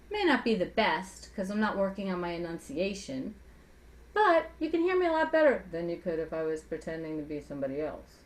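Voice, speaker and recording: A former singer turned voice coach, appearing as a guest, explains how to use the voice in a chatty, conversational teaching style, tossing in rhetorical questions and vocal demonstrations. Her trained singer's voice sits on the low side, swings widely in pitch, and moves at a brisk clip.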